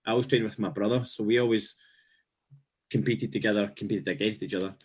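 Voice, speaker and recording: A man with a fairly low voice, chatting on a casual podcast. He reminisces steadily and thoughtfully, often restarting his phrases mid-thought. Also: quick pace, slightly rough. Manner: steady, reflective, with frequent restarts. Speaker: podcast co-host.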